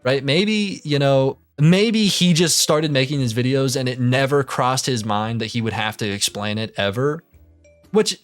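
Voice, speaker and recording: A man's voice: mid-range voice, a little slow, dry recording, soft background music. A young man in his twenties doing casual reaction commentary, ranting in an exasperated way with plenty of swearing, stammered restarts and laughter. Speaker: commentary YouTuber.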